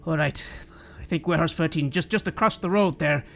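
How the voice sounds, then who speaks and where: A man's voice: on the high side, a little fast, creaky, slight background noise. Man voicing a blustering male watchman. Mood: hearty. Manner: hearty, blustering.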